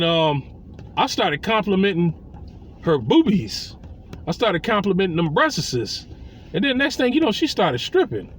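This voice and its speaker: A man with a high voice tells a personal story in in a loose, casual way. He swings his pitch widely and slips into the voices of the people he quotes. There is a faint noise behind him.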